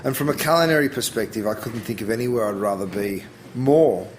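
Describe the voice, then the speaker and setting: A man's voice: lowish voice, brisk, a little hiss or hum. A middle-aged Australian man, a chef being interviewed, talking casually and thinking aloud with frequent restarts. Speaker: chef guest.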